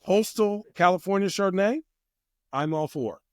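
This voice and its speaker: A man talks easily as an interview guest, his voice sitting a bit high for a man. He tells animated stories and acts out other people's lines along the way. The sound is dry and close, with no room echo. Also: normal speed. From United States. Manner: animated storyteller who acts out quotes. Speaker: guest, wine company president. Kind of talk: casual interview chat.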